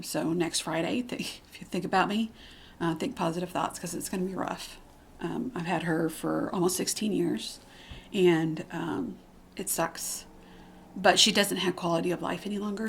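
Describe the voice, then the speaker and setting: Gravelly low-voiced woman vlogging from home. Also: a little hiss or hum. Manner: chatty, candid, lots of ums and restarts. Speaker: cross stitch channel host. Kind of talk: casual rambling vlog chat. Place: at home, cat nearby.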